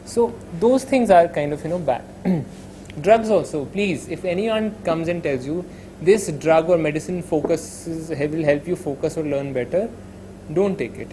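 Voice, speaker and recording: A psychologist with an Indian accent gives students an advice talk in a fairly high voice. He's conversational, often saying "you know," weaving in Hindi phrases, and slowing down to demonstrate calm breathing. The audio is poor, with a little hiss or hum.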